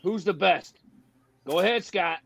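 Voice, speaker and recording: A man's voice: sits high, a little slow, vocal fry, slightly rough. A man heckling and goading someone in a trash-talking wrestling promo.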